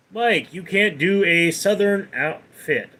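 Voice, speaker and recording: A male livestream host with a slightly high voice that rises and falls a lot. He talks slowly, reads out viewer comments and rambles along with plenty of fillers and restarts. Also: a bit bright. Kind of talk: casual livestream chat, reading comments and doing voice impressions.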